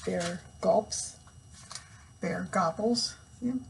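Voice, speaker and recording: An older woman and grandmother reading a picture book aloud, gently stopping to explain words for children. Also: on the low side, drawn-out words, vocal fry, slight background noise, low-quality recording. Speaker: storyteller.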